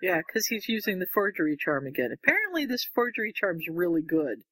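A woman's voice: on the low side, fairly quick, dry recording, low-quality recording. A woman co-hosting a podcast in casual chat, eagerly retelling a story and acting out the characters' lines. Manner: animated, acts out the characters' lines while recapping. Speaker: podcast co-host.

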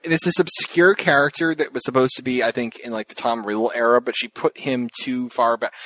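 Brief: male podcast co-host, fast, rambling, animated anecdotes, dry close sound. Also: medium pitch, no room sound, poor audio. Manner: rambling, animated storytelling with voiced quotes. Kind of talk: casual podcast chat.

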